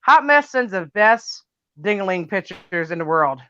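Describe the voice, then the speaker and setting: Loud brash woman chatting, bright and dry. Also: mid-range voice, expressive, unhurried, dry recording, highs cut off. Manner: loud, brash and laughing, cusses freely. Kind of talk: casual chat.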